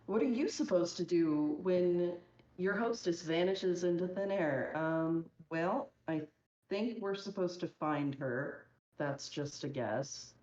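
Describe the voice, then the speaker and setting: Unhurried low-voiced woman, runs the game, dry jokes; echoey muffled room audio. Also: mellow. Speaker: speedrunner. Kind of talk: casual commentary over a game run. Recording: dull echoey recording.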